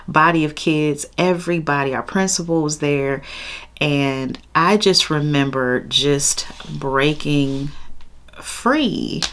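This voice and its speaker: A woman casually telling a personal story, expressive and laughing as she goes. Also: sits low.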